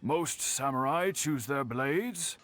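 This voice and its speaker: An actor playing an elderly, patient master bladesmith in a game, speaking in a measured, formal way. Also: male voice, medium pitch, lively intonation, a bit bright. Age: older. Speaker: game character. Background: game music.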